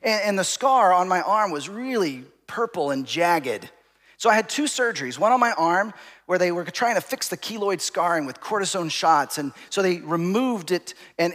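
Man, pastor, sermon, high voice, long hall reverb, storytelling with loud call-outs and soft asides. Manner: storytelling, rising to shouts and dropping to hushed asides.

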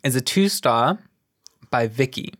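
A podcast co-host in casual chat, reading film reviews aloud and tossing in quick deadpan quips. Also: medium pitch.

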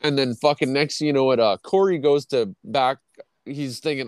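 A man's voice: medium pitch, normal speed, smooth, dry recording. A man hosting a casual podcast, rambling and ranting with heavy swearing. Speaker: podcast host. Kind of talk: casual profane chat.

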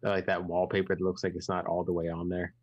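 A man's voice: sits low, monotone, quick pace, darkish tone, no room sound, dull audio. A man appearing as a podcast guest, chatting casually with a wry, offhand manner and some swearing. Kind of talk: casual chat.

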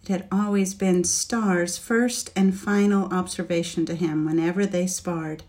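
A woman narrating a fantasy storybook in a measured, even manner. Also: fairly low pitch. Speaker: audiobook narrator.

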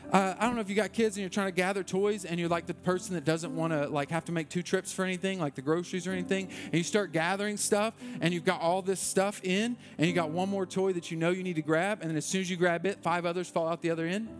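A man's voice: high voice, steady tone, quick pace, hardly any pauses. A man preaching a sermon in an earnest, repetitive way that rises to passionate intensity. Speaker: pastor.

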